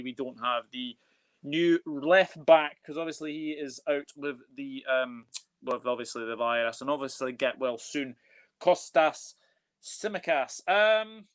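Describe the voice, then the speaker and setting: A man's voice: mid-range voice, fairly bright tone, clean tone. A man hosting a casual football live stream, upbeat and chatty as he reads out viewer comments. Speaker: football channel host.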